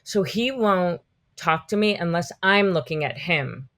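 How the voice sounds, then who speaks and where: A woman in her fifties, a podcast guest, telling animated, rambling stories in a casual interview. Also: fairly low pitch, unhurried. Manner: animated, rambling storytelling full of "like".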